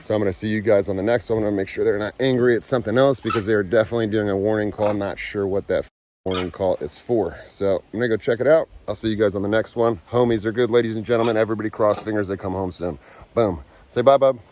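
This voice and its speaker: Low-voiced, cussing man, casual vlog. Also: fairly even intonation, quick pace, a little mellow, a little hiss or hum. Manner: profane, loose, talks to animals in a coaxing tone. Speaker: animal keeper vlogger. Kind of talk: casual unedited vlog talk. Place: outdoors on a property with animals.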